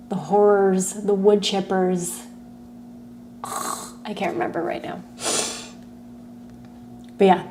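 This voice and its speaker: A woman's voice: medium pitch, a little mellow, a little hiss or hum. A woman from California, a movement instructor, casually chatting and greeting livestream viewers by name before class, often giggling.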